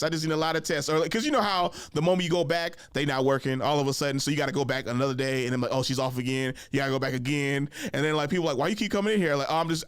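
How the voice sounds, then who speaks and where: A young man hosting a podcast, telling funny stories in a casual chat, jumping into high voices to act out other people and laughing along. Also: a bit bright, clean tone, no room sound. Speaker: podcast host. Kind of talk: casual storytelling monologue.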